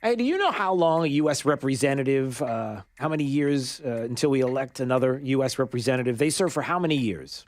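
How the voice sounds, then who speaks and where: A man's voice: medium pitch, lively intonation, brisk, hardly any pauses, no echo. A man hosting a call-in radio show, bantering loosely with lots of fillers. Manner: jokey, loose, filler-heavy. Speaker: radio talk show host.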